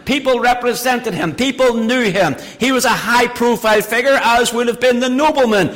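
High-voiced preacher in a reverberant hall. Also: male voice, moderate pace, a bit bright. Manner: reads scripture then explains it with emphatic repetition. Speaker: pastor. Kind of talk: sermon with scripture reading.

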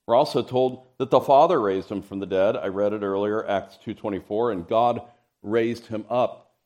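A man preaching a sermon, reading scripture aloud in an expressive, rising and falling delivery. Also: on the low side, moderate pace. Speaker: pastor.

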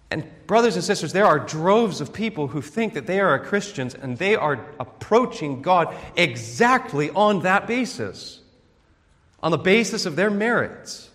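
A man's voice: high voice, very animated, a little slow, fairly bright tone. A man preaching an expository sermon in an earnest teaching tone, often checking in with rhetorical questions. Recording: long hall reverb.

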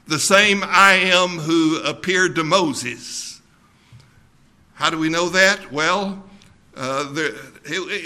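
Slow, bright-voiced preaching man. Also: fairly high pitch. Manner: slow, emphatic preaching with repeated words. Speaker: pastor. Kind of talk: sermon.

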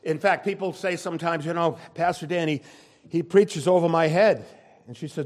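An older man preaches a sermon in an emphatic, insistent manner. His voice sits a little higher than most men's and climbs even higher when he presses a point, then drops low and quiet for his asides. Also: moderate pace. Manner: emphatic preaching, shifting between loud and quiet. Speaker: pastor.

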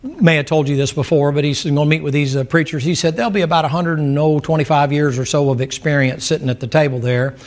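A man's voice: on the high side, quick pace. A man preaching a sermon, folksy and joking, calling out to the congregation for responses. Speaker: pastor.

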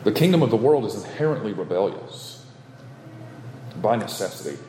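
A man preaching a sermon from the pulpit, stressing his points through steady repetition. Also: on the low side, normal speed, slight background noise. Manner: emphatic, repetitive preaching cadence. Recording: echoey hall with long reverb.

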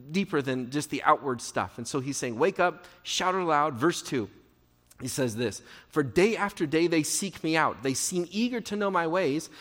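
Lively preaching man in a reverberant hall. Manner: expressive preaching, acting out quoted prayers with rising pitch. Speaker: pastor. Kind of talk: sermon.

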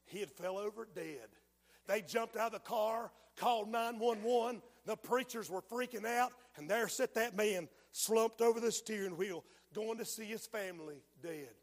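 A man preaching a fiery sermon, dropping to a hush and then rising to shouts. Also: sits high, moderate pace, big-room sound. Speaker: pastor. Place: church sanctuary.

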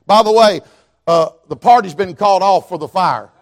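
A man preaching a fiery revival sermon, swinging from hushed, quiet passages to loud shouting. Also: high voice, normal speed, creaky. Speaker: preacher, evangelist.

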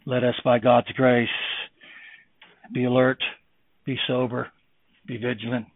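With little pitch movement and a measured pace, a male pastor delivers a fervent sermon, quoting old scripture wording and firing off rhetorical questions. He moves from loud exhortation to low, earnest tones, captured in a dry, tinny, phone-like recording without echo.

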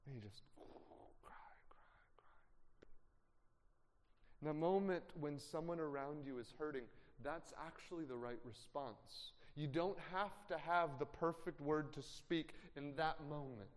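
An earnest man pastor delivers a sermon in a somewhat high voice. He moves between soft, hushed storytelling and emphatic preaching. A long reverb from the church hall trails after his words. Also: moderate pace, few pauses.

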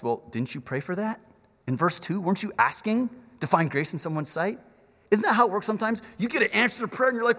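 A man preaching a sermon, animated and acting out the characters' lines in little voices. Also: high-pitched, fast. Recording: reverberant hall.

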